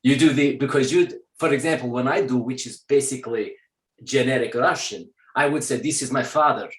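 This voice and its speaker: A male actor being interviewed who explains his craft at length in a lively conversational way. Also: medium pitch, fairly quick. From New York. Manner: explanatory, breaks into accent demonstrations. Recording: roomy echo.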